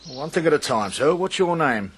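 A shrewd police inspector, calm and dry in a radio drama. His mid-range voice rises and falls freely. A faint hiss sits behind him. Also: a little high, moderate pace.

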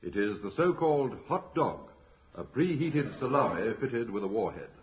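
A man's voice: mid-range voice, sing-song, moderate pace, a little hiss or hum, voice pushed down, lightly acted. A man doing a grave newsreader. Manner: grave, portentous news delivery. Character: solemn male newsreader parody. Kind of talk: 1950s radio comedy acting. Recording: dull old radio recording.

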